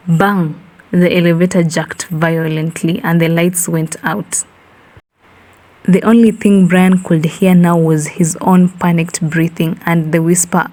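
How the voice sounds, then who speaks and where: A woman narrating a comic horror story in an unhurried way, dropping in slang asides. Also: lowish voice, mellow, low-quality recording.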